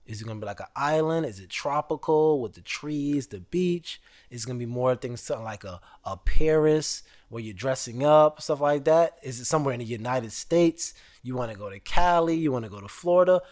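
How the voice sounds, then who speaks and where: Animated, lively man in his thirties. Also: mid-range voice. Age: 30s. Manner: animated storytelling, slangy and joking. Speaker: podcast host. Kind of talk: casual chat.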